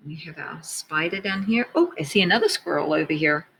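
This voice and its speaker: A woman teacher reading a picture book aloud to children, gently pointing out details in the pictures as she goes. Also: sits low, lively intonation, a little fast, vocal fry, few pauses, slight background noise, low-quality recording.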